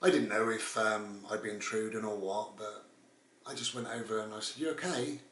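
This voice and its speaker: A man's voice: fairly low pitch, flat delivery, moderate pace, a bit bright. A man, telling a rambling, casual story as a vlogger. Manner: rambling, with frequent "and all the rest of it". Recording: roomy, distant mic.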